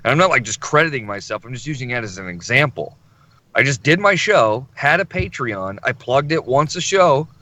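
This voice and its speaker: A man co-hosting a podcast in casual chat, animated and emphatic, swearing freely. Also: mid-range voice. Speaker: podcast co-host.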